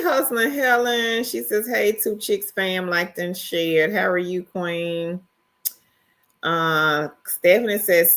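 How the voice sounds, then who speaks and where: Middle-aged woman, easygoing livestream host, slow and relaxed delivery. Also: medium pitch. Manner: greets viewers one by one, drawn-out and relaxed. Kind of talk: casual livestream chat, reading viewer comments.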